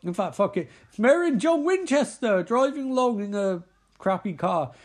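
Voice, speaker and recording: A man's voice: high-pitched, animated, normal speed. A man giving rambling, sweary, sarcastic commentary over a film.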